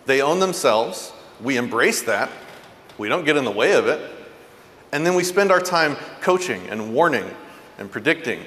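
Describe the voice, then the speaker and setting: A man giving a parenting talk, telling stories earnestly and going soft and low for tender points. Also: moderate pace, in a large hall. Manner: earnest, animated storyteller, drops soft and low for tender moments. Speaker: parenting speaker. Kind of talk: motivational talk.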